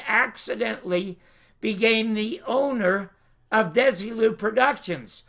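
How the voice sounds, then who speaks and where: An older man hosting his own show, telling a showbiz anecdote in an animated way and acting out the voices. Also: sits high, vocal fry. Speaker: show host. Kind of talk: anecdotal storytelling.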